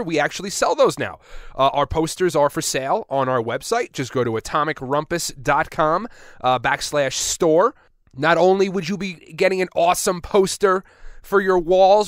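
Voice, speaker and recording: Smooth-voiced joking podcast host man. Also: a little high, fairly bright tone, no room sound, clean studio sound. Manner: joking, rambling asides. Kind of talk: casual chat, reading listener submissions.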